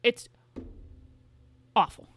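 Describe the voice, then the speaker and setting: A young woman co-hosting a podcast in casual chat, talking fast with lots of fillers and swearing. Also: pushed and bright, no echo. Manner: chatty, swears, many fillers. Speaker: podcast co-host.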